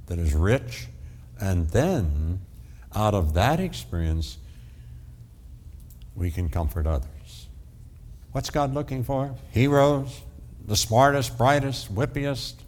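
Older male pastor, low unhurried voice, earnest sermon delivery with long pauses. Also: a little mellow, husky. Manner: slow, earnest preaching with dramatic pauses.

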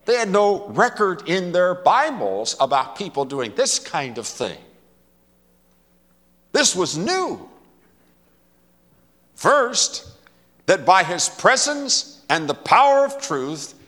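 Brief: emphatic male preacher, slow and deliberate, bright tone, reverberant hall. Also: fairly high pitch. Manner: dramatic, emphatic storytelling. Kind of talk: sermon.

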